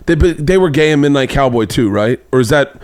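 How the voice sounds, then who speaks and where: A man hosting a casual podcast, mostly chiming in with quick agreement. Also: mid-range voice, lively intonation, a little mellow, no echo, clean studio sound. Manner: quick agreeing interjections and laughs. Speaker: podcast host. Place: home podcast room.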